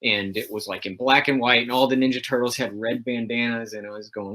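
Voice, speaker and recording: A man's voice: mid-range voice, fairly even intonation, fairly quick, sharp tone. A man hosting a casual livestream chat, talking about comics in a rambling, enthusiastic way with lots of fillers. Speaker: host of a livestream.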